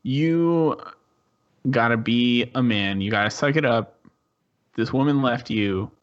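A man's voice: mid-range voice, slow pace, muffled recording, lightly acted. A man doing a blunt, bossy pirate woman with a saber. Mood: scolding. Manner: bossy, scolding. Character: tough female pirate captain with a saber, blunt.

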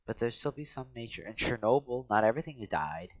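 A man trading jokes in a casual chat, his voice bouncing lively up and down as he teases. The recording sounds dull and lo-fi. The room around him is dry and close. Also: medium pitch, fast, dry recording. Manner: animated, teasing. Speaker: podcast co-host. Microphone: home setup with monitoring. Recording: dull lo-fi mic.

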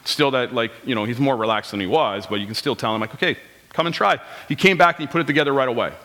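Rapid-fire and fairly bright at a medium pitch, a pastor in his thirties gives a conversational sermon in the church sanctuary. Rhetorical questions and quoted congregation lines fill his talk, and the recording carries a long hall reverb.

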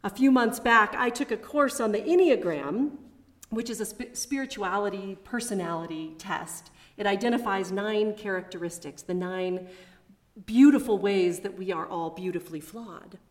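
A woman preaching a sermon at a chapel, measured and reflective, with personal asides. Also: mid-range voice.

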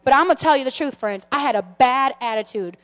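A middle-aged woman pastor telling personal stories in a sermon, animated and full of restarts, calling her listeners friends. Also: sits high, fast. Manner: animated storytelling, many restarts, addresses the congregation as friends. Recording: long hall reverb.

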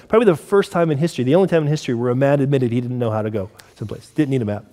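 A man preaching a sermon, sometimes hushed and intimate, sometimes loud and emphatic when reading scripture. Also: medium pitch, animated, rapid-fire, few pauses. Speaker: pastor. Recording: long reverb of a large hall.

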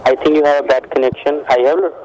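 A man's voice: on the high side, steady tone, fast talker, noisy background. A man making a scam phone call, speaking in broken phrases and repeating himself insistently. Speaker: phone scammer.

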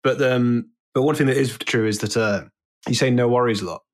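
A British man talking easily with a friend, wry and slightly halting, dropping "uh" and "um" as he finds his words. His voice sits at a middling pitch. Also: steady tone. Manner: hesitant, wry, with filler "uh". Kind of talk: casual chat.

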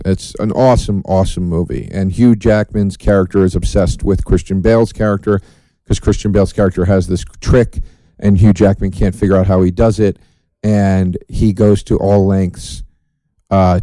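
A man hosting a solo podcast, talking in a profane, sardonic, rambling way with dark jokes. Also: low-pitched, no echo. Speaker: podcast host.

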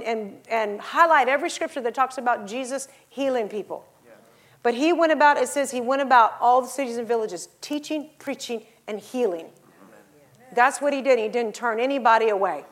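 High-pitched woman preaching a sermon. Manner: rising to loud exhortation; acts out voices in her stories.

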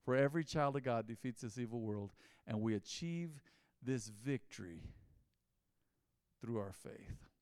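A man preaching a mid-week sermon as pastor, talking in a conversational, animated way that swings from loud to quiet. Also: mid-range voice, unhurried, pauses often, smooth, no room sound, clean studio sound.

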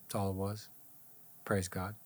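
A man's voice: low-pitched, little pitch movement, unhurried, darkish tone. A middle-aged man earnestly telling a faith testimony in casual conversation, acting out his own pleas. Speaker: guest sharing testimony.

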